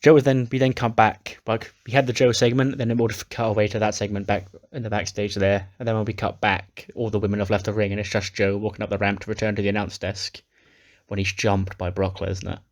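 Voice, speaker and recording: Guy casually recapping his wrestling sim run, lowish voice. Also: flat delivery, brisk. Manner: recaps storylines casually with swearing. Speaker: game player narrating. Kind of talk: narrating a wrestling sim playthrough.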